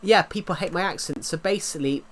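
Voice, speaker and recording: A man's voice: high voice, quick pace, a bit bright. An English man chatting casually on a livestream, rambling with many restarts and fillers, his throat sore. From England. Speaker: livestream host.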